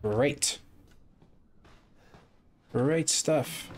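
A man's voice: mid-range voice, animated, measured pace, pauses often. A man giving let's play commentary, chatting and muttering to himself as he plays a video game. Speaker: gaming YouTuber.

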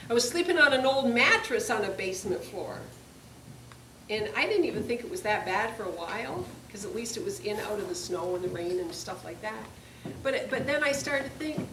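Woman, high voice, earnest confessional testimony, distant mic, echoey hall. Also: lively intonation, moderate pace. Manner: earnest and confessional, repeats phrases for emphasis. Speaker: speaker giving a testimony. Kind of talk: personal testimony sermon. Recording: echoey room, distant mic, faint hiss.

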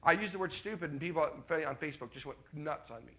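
A man from Canada preaching to a congregation in a bright, forceful voice. He talks conversationally, repeats key lines and keeps asking the crowd whether they follow. His voice sits a touch higher than most men's. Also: fast talker. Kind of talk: sermon.

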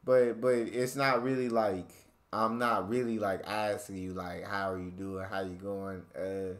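A man's voice: fairly low pitch, little pitch movement, a little slow. A young American man hosting a reaction video, chatting loosely with plenty of fillers and laughter. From United States. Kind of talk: casual reaction commentary.

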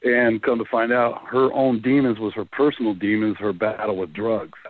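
A man's voice: lowish voice, normal speed. A man, a paranormal investigator, telling his case stories in a casual interview and acting out the voices of the people he quotes. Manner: animated, acts out quoted voices. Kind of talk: casual phone interview storytelling. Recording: tinny phone line.

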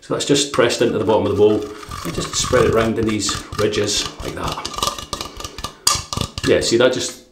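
A man's voice: on the low side, normal speed, noisy background. A Scottish man from Dundee chatting casually through a product review, rambling with fillers and chuckles. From Dundee, Scotland. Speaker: shaving vlogger. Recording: echoey room.

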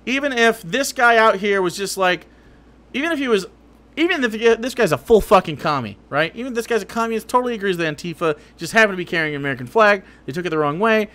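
Male streamer, high voice, swings widely, sarcastic and cursing, political reaction commentary. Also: lively intonation, fast, sharp tone. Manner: sarcastic, profane, heated.

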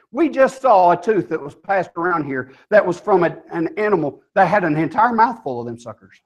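A man's voice: fairly high pitch, big pitch swings, moderate pace. A male pastor preaching a sermon in a church, emphatic and firing rhetorical questions at his congregation.

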